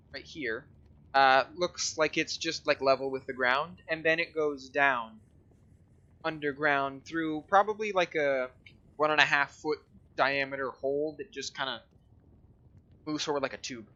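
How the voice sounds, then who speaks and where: A man's voice: fairly high pitch, fairly even intonation, a little slow, long pauses, bright, forceful tone, dull audio. A man running a tabletop game as dungeon master, describing scenes in a rambling, hesitant way with many fillers.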